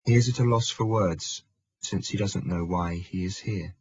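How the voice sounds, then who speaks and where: A man reads a historical audiobook in a measured, steady narration. His voice is very low and heavily husky. The recording is dry and sounds dull and lo-fi. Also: no room sound. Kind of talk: scripted narration.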